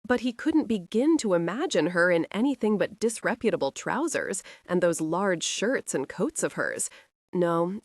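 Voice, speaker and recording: A woman reads a novel aloud in a measured audiobook manner. Her voice sits lowish but moves expressively through its range. The sound is dry and close. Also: dry recording. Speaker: narrator. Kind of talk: audiobook narration.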